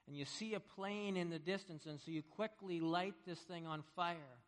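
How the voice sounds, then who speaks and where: A man preaching a sermon, telling vivid stories that swing between hushed and loud. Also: sits high, moderate pace. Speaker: pastor. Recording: long reverb of a large hall.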